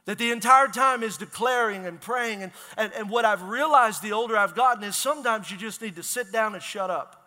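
Energetic high-voiced male pastor preaching. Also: fairly quick, hardly any pauses. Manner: energetic, conversational preaching with audience questions. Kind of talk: sermon. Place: church sanctuary. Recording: long hall reverb.

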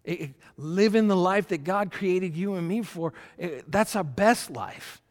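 A pastor delivers a sermon in a high, light voice, speaking in an easy, conversational way with frequent restarts. His words trail off into the long reverb of a large church hall. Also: measured pace. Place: church sanctuary.

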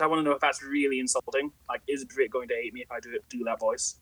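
A man co-hosting a casual podcast chat, joking and animated. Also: medium pitch, fast talker. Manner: jokey, animated, playful voices. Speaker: podcast co-host.

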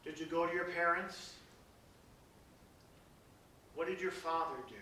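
A pastor preaching a sermon, reading scripture dramatically and dropping into soft, hushed passages. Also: male voice, a little high, fairly even intonation, a little slow, slight background noise. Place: large church. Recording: very echoey church from a distance.

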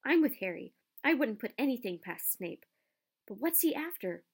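A woman's voice: fairly high pitch, moderate pace, breathy edge, full character voice. A woman doing a brash schoolboy. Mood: indignant. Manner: blunt, excited. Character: young schoolboy, brash and outspoken.

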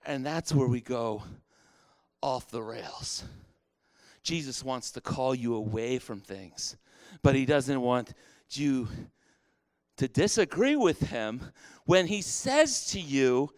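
A man preaching a sermon, talking to his congregation in a conversational way and circling back to repeat key phrases. His voice is clear and resonant, and it sounds close and dry, with no room echo. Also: mid-range voice, animated, slow. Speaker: pastor.

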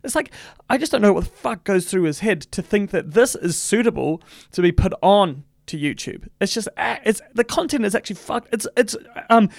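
A man's voice: sits high, gravelly, no echo, clean studio sound. A man hosting a casual commentary podcast, rambling with many fillers and swearing in indignant rants. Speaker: podcast host.

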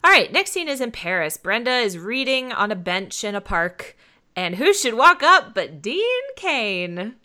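A woman's voice: on the high side, very animated, unhurried, pushed and bright. A woman co-hosting a podcast, laughing often as she narrates a TV episode scene by scene in casual chat. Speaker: podcast co-host.

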